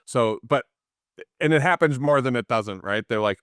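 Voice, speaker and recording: Speaking at a quick pace in a medium-pitched voice, a male interview guest shares anecdotes in a relaxed conversation. He animatedly impersonates the people he quotes, and the studio recording is clean and dry.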